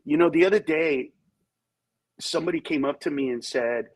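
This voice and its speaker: A comedian guest on a talk show, telling candid stories and acting out the people in them. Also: male voice, on the high side, normal speed, pauses often, poor audio. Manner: animated storyteller who acts out voices in quotes.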